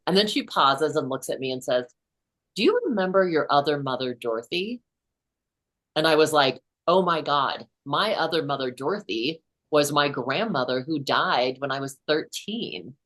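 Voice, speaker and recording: Low-voiced woman in her sixties, telling a story. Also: moderate pace, hardly any pauses, a bit bright. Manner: earnest, many restarts and "you know". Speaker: podcast host and author, guest. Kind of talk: storytelling in a casual interview.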